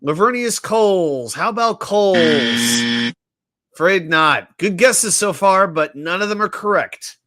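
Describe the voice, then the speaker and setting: This man, with a high voice, hosts a laid-back sports talk livestream, running trivia and reading viewer chat aloud with lively jokes. He speaks unhurriedly, with few pauses.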